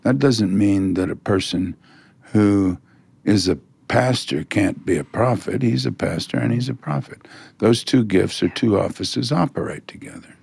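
A man, a guest pastor, explaining church offices in an interview with a measured, explanatory manner. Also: fairly low pitch, darkish tone, dry recording. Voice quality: gravelly, husky. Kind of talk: teaching in interview.

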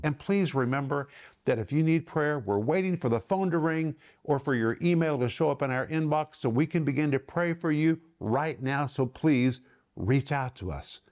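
A middle-aged man hosting and teaching the Bible on a ministry broadcast, earnest, slowing down and lifting his voice to stress key words. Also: medium pitch, darkish tone. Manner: earnest, slows and lifts his voice for emphasis.

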